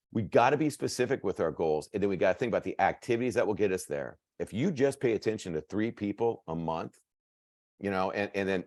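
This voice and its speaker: Energetic low-voiced male coach, dry sound. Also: dry recording. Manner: energetic, repetitive, acts out quotes with big pitch jumps. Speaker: network marketing coach. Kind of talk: motivational masterclass talk.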